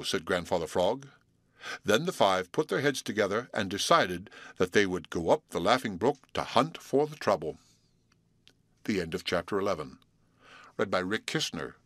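A man reading a children's storybook aloud as audiobook narrator, expressive. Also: deep voice, normal speed, no echo, clean studio sound. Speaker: audiobook reader.

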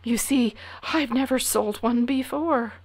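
A woman reading a storybook aloud and voicing a polite, eager young boy who calls out excitedly. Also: a little high, measured pace, pitched above the performer's own voice. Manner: earnest, excited.

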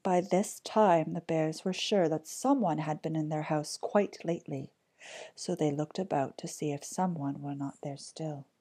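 Breathy woman reading a fairy tale. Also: low-pitched. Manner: gentle, slow, with soft whispered words. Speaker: storybook reader.

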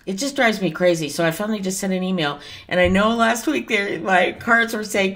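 A woman's voice: medium pitch, fairly quick, hardly any pauses, fairly bright tone. A woman talking casually in a vlog as a tarot reader, chatty and digressive, with some mild cursing.

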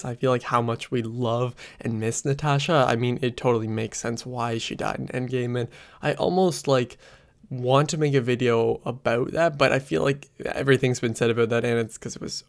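A man talks through a show review at a home setup, close on a desk microphone. His voice sits at an ordinary middle pitch. He rambles and leans on frequent fillers. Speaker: film and TV reviewer. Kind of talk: casual spoken review. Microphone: USB desk microphone close up.

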